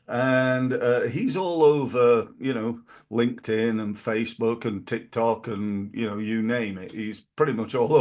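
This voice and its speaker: A middle-aged man, hosting a podcast in a casual motivational monologue and jumping his pitch up to stress key phrases. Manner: animated, punches quoted catchphrases with big pitch jumps. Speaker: podcast host.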